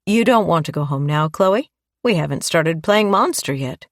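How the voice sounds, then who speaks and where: A woman voicing a calm, gentle man who works with children, in an audiobook. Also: low-pitched, normal speed, no room sound, studio quality. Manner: gentle, even.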